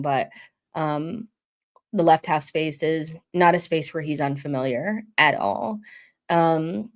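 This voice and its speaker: A young woman with a low voice hosts a casual football live stream. She reads out viewer comments and teases them back in a chatty, offhand way.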